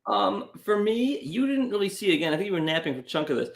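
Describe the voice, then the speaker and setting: A man with a fairly high voice rambles through stories in casual podcast chat. His pitch moves a lot, and he trades wry remarks with his co-host. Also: expressive, quick pace, creaky.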